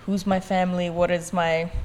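A woman actor in a casual round-table chat, relaxed and easygoing, using many fillers. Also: on the low side, moderate pace, background noise. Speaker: actor, guest. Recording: long reverb of a large room.

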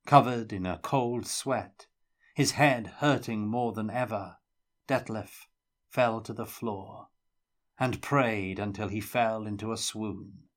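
Casting: male audiobook reader, unhurried and dramatic, fairly low voice. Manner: measured, dramatic storytelling. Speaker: narrator reading a novel aloud. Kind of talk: audiobook-style fiction reading.

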